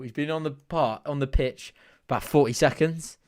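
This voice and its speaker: A man hosts a live football watch-along, describing the match in a casual, chatty way. He gets excitable and laughs often as he breaks off to talk to viewers. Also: on the high side, moderate pace, clean tone.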